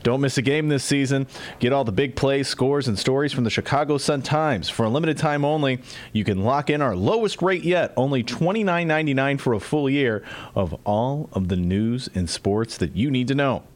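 A man's voice: medium pitch, moderate pace. A man reading a radio ad and giving show updates in an upbeat, salesy tone. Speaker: show producer and ad reader.

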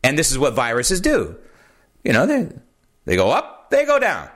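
Animated, sarcastic male political commentator. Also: normal speed. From United States. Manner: animated, sarcastic, swings pitch for emphasis. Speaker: podcast host.

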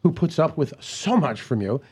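A male voice actor in casual podcast chat. His humour is dry and self-deprecating, and he teases his friend. His voice sits slightly high. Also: big pitch swings, normal speed, darkish tone, breathy edge. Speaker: guest voice actor.

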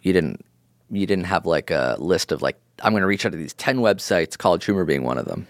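Very deep-voiced man chatting casually. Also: brisk, dry recording, studio quality. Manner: relaxed, rambling, heavy use of "like". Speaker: podcast co-host giving advice. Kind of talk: casual advice chat.

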